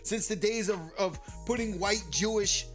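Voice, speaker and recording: This podcast co-host speaks in a fairly high voice at a moderate pace. In a casual talk-show chat, he talks emphatically about music history and the industry.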